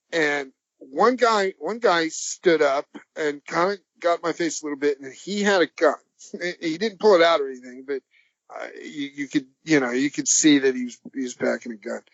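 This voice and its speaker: A man on a podcast as the guest, telling a long anecdote in a rambling, halting way, chuckling as he goes. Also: a little high, a bit bright, no room sound. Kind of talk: anecdotal storytelling. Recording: dull, dry lo-fi audio.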